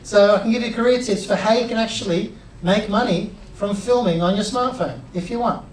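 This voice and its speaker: A middle-aged man giving an energetic live workshop, chatty and drawing the audience in. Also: high-pitched, a little fast, a little hiss or hum. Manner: upbeat, chatty, involves the crowd. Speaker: workshop presenter. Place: cinema auditorium with audience. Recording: roomy auditorium sound from a distance.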